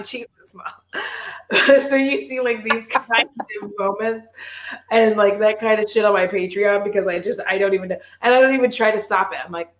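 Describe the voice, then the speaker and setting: A woman chatting casually and rambling on a live stream, swearing freely and animated. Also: mid-range voice, echoey room. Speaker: guest on a live chat stream. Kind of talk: casual chat.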